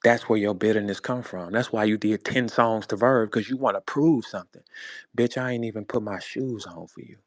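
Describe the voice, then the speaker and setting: A man from St. Louis ranting in a heated, casual way, blunt and profane, swinging between low grumbles and sharp high-pitched outbursts. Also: brisk, no echo. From St. Louis, USA. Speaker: rapper speaking in an audio chat room.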